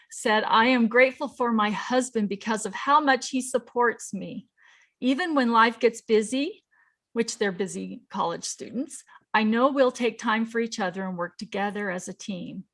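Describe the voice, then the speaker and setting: A woman in her fifties hosting a casual chat, reading tributes aloud and laughing often. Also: a little high. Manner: warm-hearted, laughs often, easily moved. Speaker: host.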